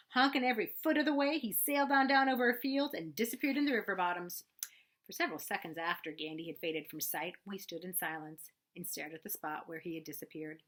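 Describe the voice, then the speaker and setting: A woman reads a storybook chapter aloud with animated, expressive narration. Her voice is bright and lively, rising and falling freely through the telling. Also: mid-range voice. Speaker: reader.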